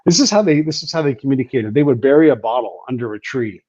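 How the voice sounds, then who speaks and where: A man hosting a casual podcast, telling stories with lively acted-out quotes and laughing easily. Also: mid-range voice, quick pace, no room sound, muffled recording. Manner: animated storyteller, acting out quotes with a rising voice. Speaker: podcast host.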